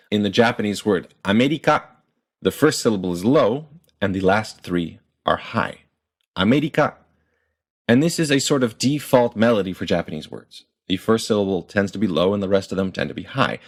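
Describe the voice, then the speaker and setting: Calm, low-voiced man teaching pronunciation. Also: fairly quick. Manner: clear, methodical, demonstrates pronunciations. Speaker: language teacher. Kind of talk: explanatory lesson narration.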